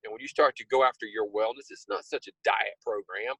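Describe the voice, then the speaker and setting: A man's voice: lowish voice, a little fast, creaky, sharp tone, slightly rough, no room sound, low-quality recording. Emphatic older man on a dry call. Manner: emphatic, repeats key words. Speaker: host. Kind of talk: motivational talk. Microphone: video call.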